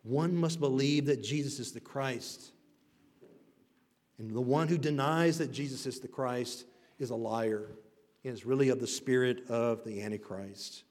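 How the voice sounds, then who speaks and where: A male pastor preaching a sermon with emphatic, rising and falling delivery, swinging between loud declarations and hushed lines. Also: mid-range voice, a little slow. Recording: long reverb of a large hall.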